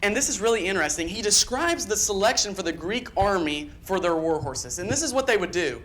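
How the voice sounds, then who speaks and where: A man preaching a sermon in a church, speaking earnestly, with quick emphatic bursts and repeated phrases. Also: high voice, lively intonation, a bit bright. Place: church sanctuary.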